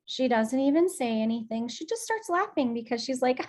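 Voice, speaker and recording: A woman leading a guided emotional release session over a video call, speaking in a gentle, affectionate and encouraging way. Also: high-pitched, animated, normal speed. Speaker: group session facilitator.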